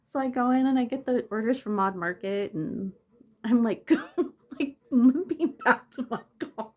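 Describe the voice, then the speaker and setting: A woman's voice: fairly high pitch, unhurried. A woman casually telling a story on her vlog, laughing often and swearing, sounding in pain and close to tears. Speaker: vlogger.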